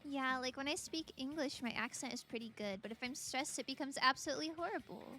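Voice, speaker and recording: A young woman with an American accent chats and giggles through a game stream, answering viewers as she plays. Her voice is high and bright. Soft game music sits faintly behind her. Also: quick pace. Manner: chatty, giggly, reading and answering chat. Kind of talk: casual game-stream chat.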